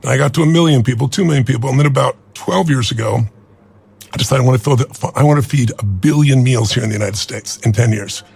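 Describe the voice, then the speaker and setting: A man's voice: medium pitch, quick pace, vocal fry, a little mellow, husky. A man in his sixties telling a personal story as an interview guest, earnest and reflective. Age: 60s.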